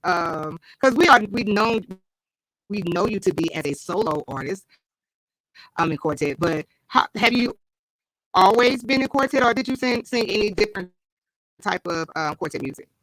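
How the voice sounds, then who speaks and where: Chatty woman host on a live stream, super lively up and down voice, bright and dry, gushes and laughs a lot. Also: medium pitch, moderate pace, dry recording, low-quality recording. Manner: effusive, chatty, laughs often. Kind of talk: live online interview. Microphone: computer mic, live stream.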